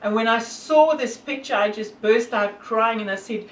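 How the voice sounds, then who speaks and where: A woman's voice: mid-range voice, normal speed, few pauses, roomy sound, recorded from a distance, slight background noise, rough recording. A woman from South Africa with a South African accent, talking earnestly and devoutly to camera with many fillers. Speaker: hiker and vlogger. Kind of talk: casual talk to camera.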